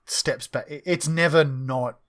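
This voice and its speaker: A man's voice: a little high, a bit bright. Casual man playing a tabletop game. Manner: casual, chatty, quick asides. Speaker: player. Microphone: podcast microphone.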